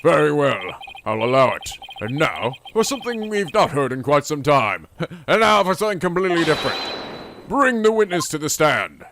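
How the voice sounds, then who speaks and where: A man's voice: fairly high pitch, very animated, normal speed, creaky, fairly bright tone, slight background noise, heavily acted. A man voicing an old bearded male judge who speaks formally and wryly. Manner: formal, wry courtroom speech.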